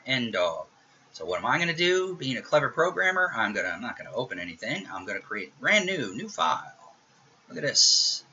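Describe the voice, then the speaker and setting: A man's voice: medium pitch, pushed and bright, breathy edge. A middle-aged man teaching programming in a recorded screencast lecture, casual and joking as he talks through his code. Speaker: programming instructor. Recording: dull lo-fi audio.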